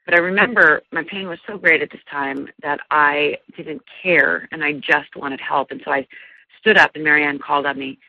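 Gravelly-voiced woman telling her story. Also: low voice, normal speed, narrow, tinny audio, a little hiss or hum. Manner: earnest, animated, many restarts and fillers. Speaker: guest, life coach. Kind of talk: personal storytelling in an interview.

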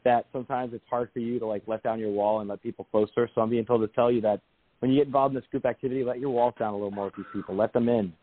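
Fast-talking male psychic show host. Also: mid-range voice, steady tone, dry recording. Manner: quick, reassuring, repeats phrases. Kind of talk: call-in show readings. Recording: tinny phone line.

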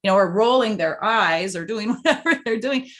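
A woman hosting a podcast, with a mid-pitched voice. She talks in a casual, affirming way and reflects thoughtfully on what her guest says. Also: lively intonation, moderate pace, fairly bright tone. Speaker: podcast host. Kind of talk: casual interview talk.

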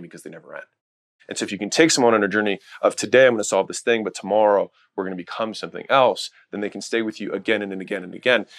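Low-voiced man giving business advice. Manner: casual, storytelling with quick character voices. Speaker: podcast host.

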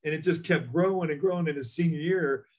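A middle-aged man, a former basketball coach, telling recruiting stories in an animated way, acting out other people's lines. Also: a little high, quick pace. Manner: animated storyteller, acts out voices. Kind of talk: casual chat.

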